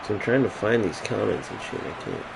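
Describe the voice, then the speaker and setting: A man's voice: fairly low pitch, lively intonation, brisk, creaky, heavy background noise. A man streaming a game, ranting casually and profanely to his chat. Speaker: gaming streamer.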